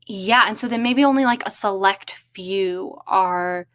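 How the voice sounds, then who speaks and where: Casual streamer, young woman, muses aloud, bursts of excitement, chatty. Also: medium pitch, unhurried. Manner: musing, excitable, thinking aloud. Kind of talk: casual livestream brainstorming.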